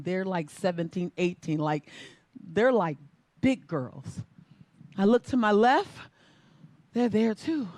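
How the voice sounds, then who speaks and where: Animated high-voiced woman telling a story. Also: dry recording. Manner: animated, acts out every character. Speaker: motivational speaker. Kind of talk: comic storytelling keynote.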